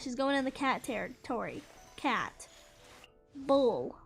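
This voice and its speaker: A woman's voice: sits high, big pitch swings, unhurried, fairly bright tone, faint music behind. A young woman streamer chatting casually over gameplay, bubbly and giggly, talking to her viewers. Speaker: gaming streamer.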